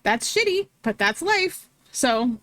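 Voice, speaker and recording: Chatty high-voiced woman streamer. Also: sing-song, slow, fairly bright tone, no room sound. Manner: chatty, laughs often, reads chat aloud. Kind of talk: casual chat with viewers.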